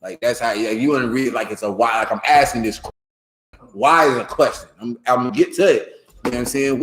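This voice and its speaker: A man teaching a scripture class in a loose, slangy way, often jumping his voice high to show how a word should sound. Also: fast, fairly bright tone, echoey room, slight background noise.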